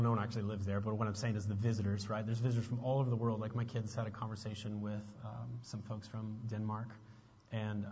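Man, pastor, husky voice, conversational preaching, long hall reverb, muffled recording. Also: medium pitch. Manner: conversational preaching, rising to emphatic questions. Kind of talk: sermon.

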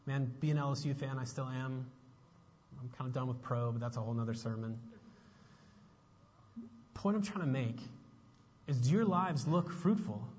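A man preaching a sermon as a pastor, moving between relaxed chat and pointed, emphatic questions. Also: a little high, breathy edge. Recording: muffled sound with long reverb.

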